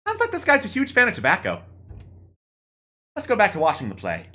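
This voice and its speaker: A man's voice: high voice, huge pitch swings, brisk, long pauses, bright, forceful tone. A man streaming a text adventure, narrating playfully to chat in a mock-dramatic way.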